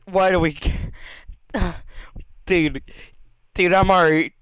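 A man's voice: a little high, slow pace, long pauses, a bit bright, clear, resonant tone, dry recording. A young man giving casual, jokey commentary while playing a horror game, often yelping and shrieking when scared. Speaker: let's play gamer.

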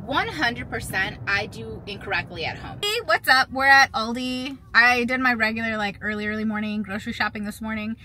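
A woman's voice: on the high side, brisk, hardly any pauses, sharp tone, a little hiss or hum. A woman in her thirties, a mother, chatting casually to a phone camera in a rambling, playful storytelling way while out and about. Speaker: vlogger. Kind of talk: casual vlog chat. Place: in a car and out and about.

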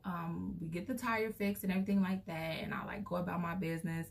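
A woman's voice: lowish voice, steady tone, fairly quick, creaky, hardly any pauses. A young woman vlogger telling a personal story in a casual, rambling way, full of fillers, recorded from a distance.

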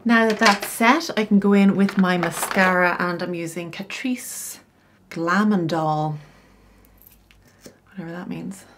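Chatty middle-aged woman, lowish voice. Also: fairly even intonation, a little slow, fairly bright tone, slight background noise. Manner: chatty, explains each step with casual asides. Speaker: style coach. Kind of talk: makeup tutorial.

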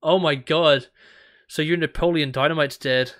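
A man's voice: a little high, steady tone, normal speed, fairly bright tone. A man with a New Zealand accent chatting casually as a podcast co-host, rambling and laughing as he talks. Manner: rambling, laughing, restarts sentences often. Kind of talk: casual chat.

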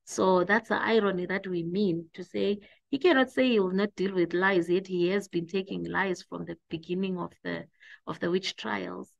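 A woman teacher giving an exam revision lesson, explaining slowly and restating points with hesitant fillers. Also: fairly low pitch, fairly even intonation, creaky, no echo, lo-fi sound. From South Africa.

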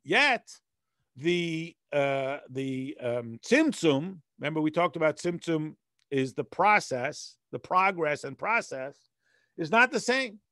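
A man's voice: a little high, animated, slow, bright, forceful tone, no room sound, clean studio sound. A man, a rabbi, leading a text study class. He reads passages in Hebrew and explains them in plain, conversational English with everyday analogies. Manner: conversational, patient teacher.

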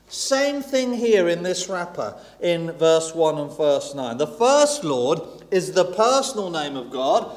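A man preaching a sermon in a chatty, self-deprecating way, stressing points by repeating them. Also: sits high. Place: church hall. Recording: echoey church hall with long reverb.

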